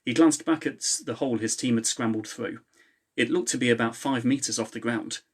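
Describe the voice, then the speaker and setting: A man's voice: mid-range voice, fairly quick, slightly rough. A man who is the author, reading his novel aloud in a live stream from home and chatting casually with viewers in between. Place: home, with a laptop.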